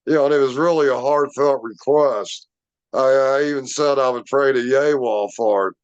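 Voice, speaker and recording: A man's voice: medium pitch, moderate pace, clear, resonant tone, muffled recording. A man casually telling a rambling personal story, with many fillers and restarts. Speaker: Bigfoot researcher telling a story.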